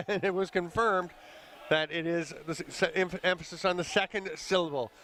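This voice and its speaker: A man calling a live lacrosse game play by play, brisk and conversational, with the odd chuckle. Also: sits high, steady tone, fairly bright tone. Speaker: play-by-play commentator. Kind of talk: live sports commentary.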